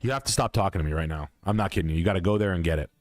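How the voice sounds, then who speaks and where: A man's voice: deep voice, very fast, no echo. A man hosting a livestream, ranting bluntly and profanely in a casual, emphatic way. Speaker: livestream host.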